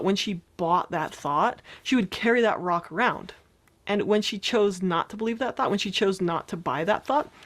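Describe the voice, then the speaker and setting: A woman therapist talking casually as she explains thought exercises, often checking in with "right?" along the way. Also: medium pitch.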